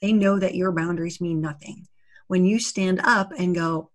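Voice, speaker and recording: A woman's voice: fairly low pitch, fairly even intonation, normal speed. A woman giving an earnest, conversational talk on setting boundaries, acting out short dialogues as she goes. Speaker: summit speaker on narcissistic abuse recovery. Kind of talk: interview-style talk.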